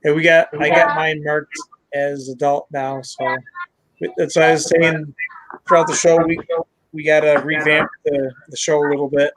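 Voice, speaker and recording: A man's voice: a little high, little pitch movement, moderate pace, a bit bright, no room sound, poor audio. A man hosting a live stream, chatting casually, laughing and greeting viewers by name. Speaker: channel host.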